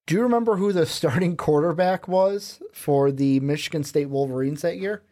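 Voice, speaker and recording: A man's voice: a little high, normal speed, mellow. A young man co-hosting a sports podcast in casual chat, quizzing his partner with rambling asides. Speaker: podcast co-host.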